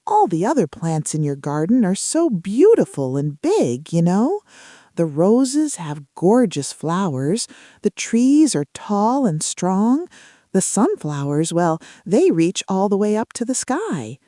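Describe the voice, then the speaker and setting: A woman's voice: mid-range voice, very animated, takes it slowly, mellow, no echo, studio quality, voice pushed up. A woman voicing a tiny, shy seedling sprout that speaks timidly and stammers a little. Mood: sad.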